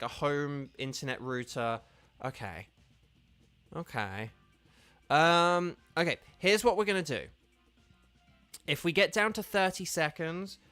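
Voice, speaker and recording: Bright, clear-voiced male game streamer. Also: fairly high pitch, dry recording. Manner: patient, explaining step by step with many fillers. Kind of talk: casual live-stream chat with viewers.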